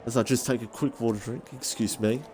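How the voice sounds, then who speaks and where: A man commentating a sim racing league race, excitable and self-deprecating, his voice jumping high when battles get close. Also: fairly quick, background noise.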